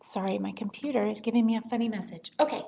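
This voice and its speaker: A woman librarian reading picture books aloud at story time, gentle and expressive, cheerful and encouraging with young children. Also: medium pitch, fast, vocal fry, echoey room.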